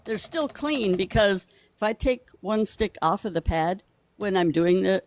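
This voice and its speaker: A man's voice: sits high, lively intonation, unhurried, slight background noise. A man from Brazil, a guest drummer, patiently explaining and counting rhythms aloud in a drum lesson.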